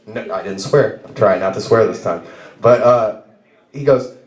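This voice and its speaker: A man's voice: on the low side, unhurried. A man in his thirties doing a stand-up comedy set, rambling and laughing at his own jokes. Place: bar stage, live open mic. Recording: roomy bar with echo.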